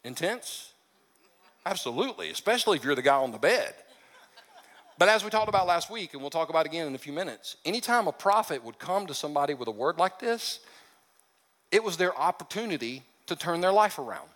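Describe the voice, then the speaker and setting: A man's voice: on the high side, very animated, brisk, fairly bright tone. A man preaching a sermon in a conversational, humorous way, slipping into character voices for the stories he tells. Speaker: pastor. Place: church sanctuary. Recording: long reverb of a large hall.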